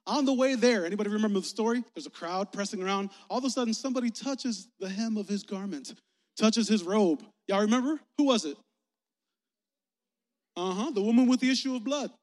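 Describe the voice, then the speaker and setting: A man's voice: high-pitched, fairly quick, a little mellow. A young man preaching a casual, playful sermon as youth pastor, talking with his listeners. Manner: playful, conversational, engaging the audience. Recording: echoey hall.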